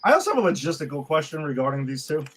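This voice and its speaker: A man's voice: fairly high pitch, big pitch swings, very fast, a bit bright. A man co-hosting a podcast, talking casually about a film, rambling and full of questions. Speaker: podcast co-host.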